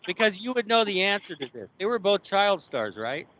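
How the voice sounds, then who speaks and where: A man's voice: sits high, very animated, moderate pace, a bit bright. A man hosting a casual call-in show, offhandedly sharing trivia. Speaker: show host.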